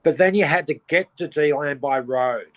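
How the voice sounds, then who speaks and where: This middle-aged Australian man, a podcast guest, trades tales of surf trips in an easygoing chat, his voice pitched fairly high. As the stories unfold he livens up, briefly imitating the characters he quotes.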